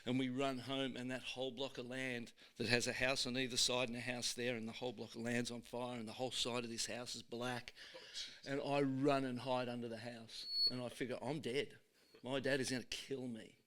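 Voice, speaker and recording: A middle-aged Australian man hosting a podcast in a studio, telling stories in a lively, casual way and often laughing. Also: mid-range voice, brisk, a little hiss or hum. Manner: lively yarn-spinner, laughs often, acts out voices in his stories. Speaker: podcast host. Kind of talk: casual storytelling chat.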